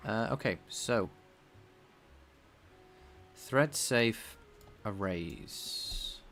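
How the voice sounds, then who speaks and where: A man with a slightly nasal voice, thinking out loud as he codes live and talks to his chat. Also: on the low side, animated, extremely slow, soft background music. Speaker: game developer streaming his coding. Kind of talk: casual live-coding chat.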